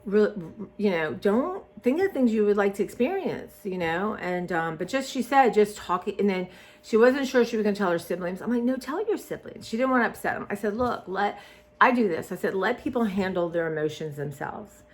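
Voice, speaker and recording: A woman's voice: medium pitch, animated, brisk. A woman, vlogging in a rambling casual chat that trails off and restarts often.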